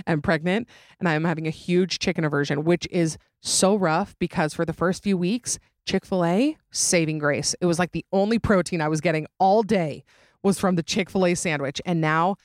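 A young woman hosts a casual podcast, talking in a chatty, dramatic way and laughing often. Her voice sits a little low. The sound is dry and close, with no room around it. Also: a little fast, no room sound. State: pregnant. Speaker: podcast host. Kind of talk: casual chat.

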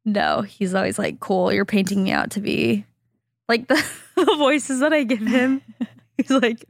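A woman's voice: fairly high pitch, steady tone, unhurried, vocal fry, no room sound, clean studio sound. A woman from Southern California co-hosting a podcast in casual chat, exaggerating her stories and imitating other people's voices. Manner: chatty, exaggerates stories and mimics her partner's voice. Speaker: podcast co-host.

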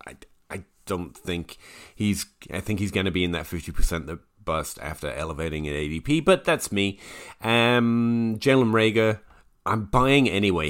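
Male podcast host with a low voice, opinionated and self-mocking, thinking aloud. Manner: opinionated, self-deprecating, many fillers and restarts. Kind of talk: solo fantasy football podcast talk.

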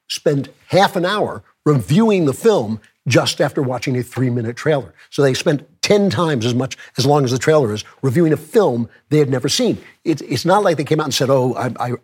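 A man hosting his commentary show with a hoarse, worn voice from a cold, talking conversationally with chuckles and joking asides. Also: mid-range voice, darkish tone. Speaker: podcast host. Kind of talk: opinion commentary monologue.

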